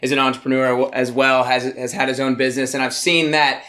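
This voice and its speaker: A man hosting a casual interview, supportive and quick with short back-channel replies. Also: medium pitch, little pitch movement, sharp tone. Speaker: podcast host.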